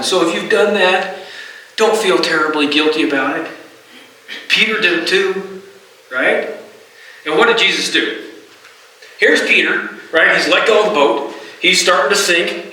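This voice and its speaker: A middle-aged man preaching from a church pulpit, chatty and direct with his congregation. His voice is very bright and sits a little high. He is caught from some distance in a strongly echoing sanctuary. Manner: conversational, often asks the congregation "right?". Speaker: pastor. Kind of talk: sermon. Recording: roomy hall, distant mic.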